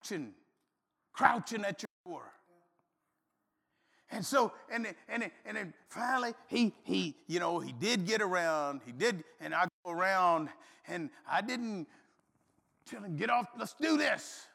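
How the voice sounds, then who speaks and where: High-voiced preacher in a reverberant hall. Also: male voice, measured pace, creaky, long pauses. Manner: folksy, animated, shouts and laughs through stories. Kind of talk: sermon with storytelling.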